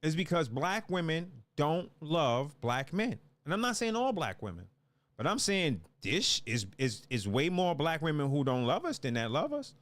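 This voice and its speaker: Fiery, high-pitched ranting man. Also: very animated, normal speed, a bit bright. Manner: fiery, restarts and repeats words. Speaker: political commentator. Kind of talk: heated ranting monologue.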